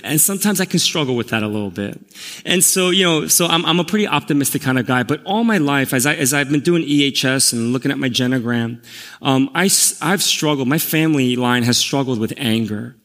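A middle-aged pastor telling a personal story in a sermon, candid and self-deprecating, growing animated. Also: male voice, medium pitch, a little fast. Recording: long reverb of a large hall.

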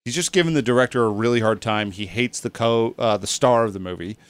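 A man's voice: mid-range voice, fast talker, clean tone, dry recording. A man hosting a casual podcast chat, rambling and hesitant with lots of ums. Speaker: podcast host.

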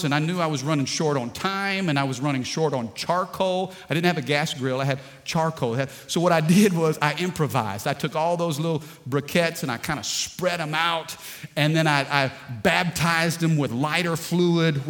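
A man pastor preaching a lively sermon, calling out to the congregation and telling funny stories. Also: a little high. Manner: dynamic preaching, call-and-response with congregation, storytelling with humor. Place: large church sanctuary. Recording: long hall reverb.

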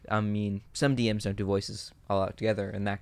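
A man's voice: lowish voice, level tone, a little fast, darkish tone, clear, resonant tone, no echo. A man chatting casually about building fantasy worlds for tabletop games, musing with lots of fillers and restarts. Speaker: podcast co-host.

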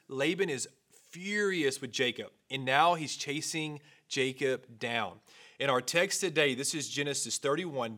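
A man's voice: medium pitch, sharp tone. A young man preaching a sermon, opening with a personal story in a casual, conversational way. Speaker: pastor.

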